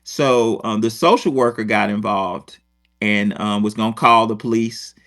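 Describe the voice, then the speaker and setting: A man's voice: fairly low pitch, unhurried. A middle-aged man from Rochester telling a story in casual chat, with lots of swearing and digressions. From Rochester, New York. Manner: profane, digressive, animated. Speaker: podcast host, former teacher.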